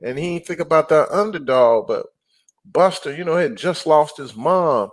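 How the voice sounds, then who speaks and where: A middle-aged man talking casually as a guest, an animated storyteller who acts out quotes and growls for emphasis. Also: a little high, moderate pace. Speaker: guest, apartment investor. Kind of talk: casual interview talk.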